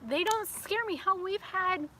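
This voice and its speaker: A woman telling a story in a casual vlog, her voice high and bright. She talks in a chatty, animated way, laughing as she goes. A faint hum of outdoor noise sits behind her. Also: measured pace. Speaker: beauty vlogger. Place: outdoors near a house.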